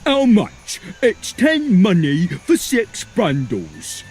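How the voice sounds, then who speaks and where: A man voicing a game shopkeeper who puts on an exaggerated rough accent, talking slowly. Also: high-pitched, wildly swooping pitch, a little mellow, faint music behind, heavily acted. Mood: hammy. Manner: hammy, exaggerated.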